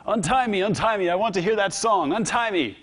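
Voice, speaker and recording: A man voicing a hot-headed ancient hero captain who pleads and shouts in a high, strained voice. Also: lively intonation, brisk. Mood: pleading.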